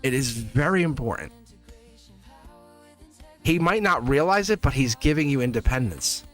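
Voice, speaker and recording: A man's voice: medium pitch, lively intonation, normal speed, faint music behind. A man giving a casual live tarot reading, rambling and chatty, laughing often. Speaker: tarot reader.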